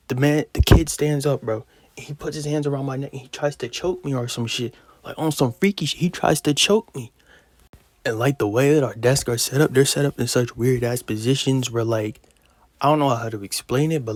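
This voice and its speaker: A young man in his late teens telling a story in a vlog, animated, slangy and heavy on profanity. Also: mid-range voice, no echo. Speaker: vlogger.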